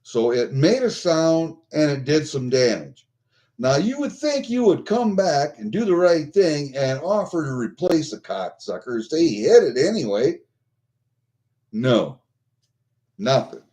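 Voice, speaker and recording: A man's voice: on the high side, big pitch swings, unhurried, dark tone. An older American man venting angrily on a vlog, swearing constantly. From United States. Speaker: vlogger.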